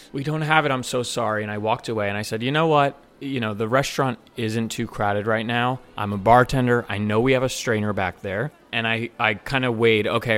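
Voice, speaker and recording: A man's voice: fairly low pitch, fairly bright tone. A man who works as a bartender and server tells an enthusiastic personal anecdote. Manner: earnest, enthusiastic storyteller.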